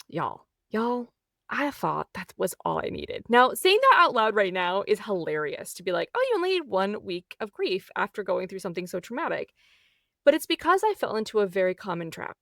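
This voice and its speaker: A woman's voice: mid-range voice, vocal fry, no echo, clean studio sound. A woman in her thirties hosting a solo podcast, telling a personal story in a candid, emotional, chatty way. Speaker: podcast host.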